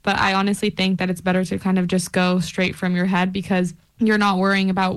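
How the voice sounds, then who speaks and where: A woman's voice: mid-range voice, flat delivery, a little fast, clean tone. A young woman, a radio intern, reflecting on her work in a casual interview.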